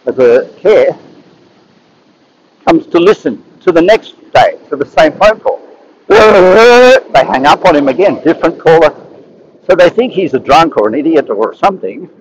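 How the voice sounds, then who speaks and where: A man's voice: on the high side, breathy edge, low-quality recording. A man telling stories in a casual monologue, rambling and often repeating and restarting his words. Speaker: speaker sharing advice.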